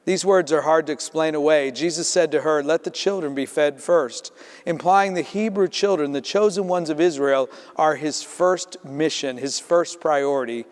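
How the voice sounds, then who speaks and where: A man preaching a sermon as pastor, telling the story in a lively way and acting out the voices in it. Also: a little high, moderate pace, hardly any pauses. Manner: storytelling, acts out voices in quotes. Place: church sanctuary. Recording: reverberant church sanctuary.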